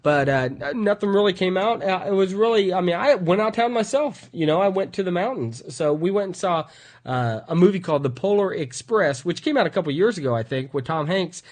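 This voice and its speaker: A man's voice: high voice, expressive, fairly quick. A man co-hosting a casual gaming podcast, joking around and laughing often. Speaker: podcast co-host.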